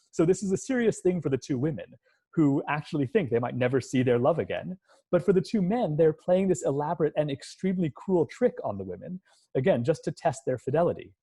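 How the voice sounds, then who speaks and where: Guy lecturing on music over a video call, warm mellow tone, kinda husky. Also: mid-range voice. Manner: explanatory, hums musical lines to illustrate. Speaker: music professor giving a talk. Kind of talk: online lecture. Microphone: computer mic on a video call.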